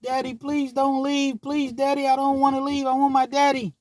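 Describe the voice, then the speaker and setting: A man's voice: very high voice, completely flat delivery, normal speed, a little mellow, voice pushed up. A man voicing his tearful three-year-old daughter begging him to come with her. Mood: pleading. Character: pleading crying little girl, three years old.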